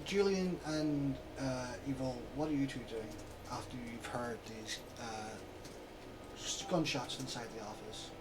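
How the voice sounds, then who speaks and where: A man narrating calmly as game master of a tabletop game. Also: medium pitch, a little slow, a little hiss or hum, poor audio. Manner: calm descriptive narration.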